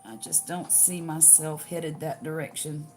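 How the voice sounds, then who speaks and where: A woman's voice: deep voice, a little slow, darkish tone, faint music behind. An older woman with a Southern US accent chatting casually, folksy, reading out viewer comments and laughing often. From US Gulf Coast. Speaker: livestream crafting host.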